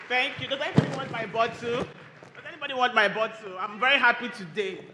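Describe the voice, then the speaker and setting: A Nigerian woman, a lawyer and firm co-founder, giving a lively, chatty conference talk and teasing the audience. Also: a little high, brisk, a loud crowd, very noisy. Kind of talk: conference presentation with audience interaction.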